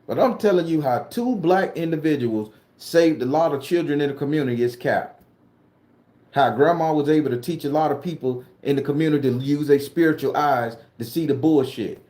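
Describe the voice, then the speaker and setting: A man from southern Florida rants to camera in a heated, profane, blunt way. His voice sits fairly high for a man but sounds dark and mellow, and the echoey room rings around it. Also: fairly quick. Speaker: spooky-story vlogger and tarot reader. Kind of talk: casual ranting monologue to camera.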